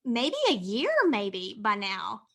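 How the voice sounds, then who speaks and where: A woman hosting an interview podcast, bubbly and quick to laugh, with a slight country twang. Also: mid-range voice, expressive. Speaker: podcast host.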